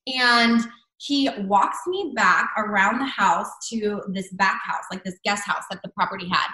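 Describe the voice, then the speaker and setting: A woman's voice: medium pitch, a little slow, bright, forceful tone, roomy sound, low-quality recording. A woman telling a personal story in casual chat, full of "like" and "I'm like" fillers. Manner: chatty, many fillers and "like". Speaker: guest.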